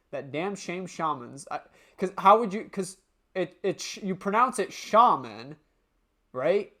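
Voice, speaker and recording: Woman streamer, let's play commentary, rambling, low voice. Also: fairly bright tone. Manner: rambling, swears, laughs at her own slips.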